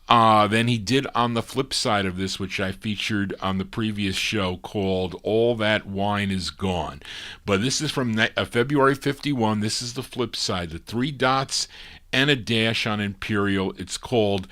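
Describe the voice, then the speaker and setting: A man hosting a radio record show, talking casually between songs in a relaxed, rambling way with frequent filler sounds. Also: fairly low pitch.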